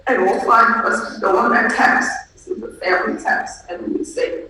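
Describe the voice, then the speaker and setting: A woman's voice: fairly high pitch, fairly even intonation, normal speed, hardly any pauses, pushed and bright. A woman giving a eulogy for her father, emotional and struggling to get through it, often speaking straight to him. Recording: echoey room, distant mic, faint noise.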